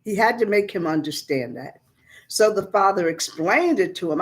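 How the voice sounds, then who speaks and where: A woman preacher leads a conversational Bible lesson. She talks plainly and casually. She explains old scripture in everyday words, with an ordinary middle pitch. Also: animated, moderate pace.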